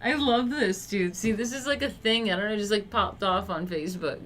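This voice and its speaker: A woman's voice: medium pitch, normal speed, fairly bright tone, slight background noise. A woman streamer giving casual, joking reaction commentary, swearing freely and laughing often.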